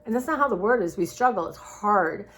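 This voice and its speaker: A woman's voice: mid-range voice, expressive, a little fast, fairly bright tone. A woman talking candidly in a personal vlog, rambling and heartfelt in a confiding way. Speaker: vlogger.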